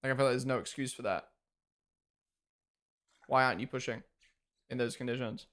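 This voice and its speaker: Young male streamer, chatty watchalong host who reacts live and thanks chat, mid-pitch voice. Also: steady tone, fairly quick, fairly bright tone. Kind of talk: casual live-stream commentary.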